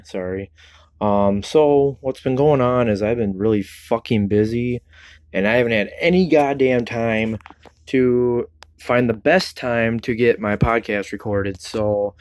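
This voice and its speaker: A man hosting his own podcast in a loose, rambling chat, swearing freely and thinking out loud in a self-conscious way. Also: mid-range voice. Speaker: solo podcast host. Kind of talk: casual solo podcast chat.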